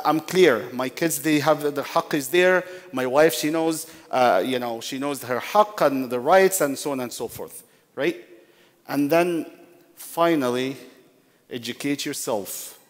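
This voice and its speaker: A man teaching a workshop in a sermon-like way, repeating key phrases for emphasis and addressing his listeners as brothers. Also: on the high side. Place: large mosque hall. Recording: long hall reverb.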